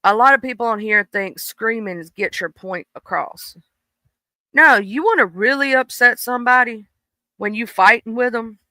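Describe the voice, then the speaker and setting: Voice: mid-range voice, bright, forceful tone, dry recording. A livestream host giving blunt, preachy commentary in casual talk, swearing freely. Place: home room. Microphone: desk microphone.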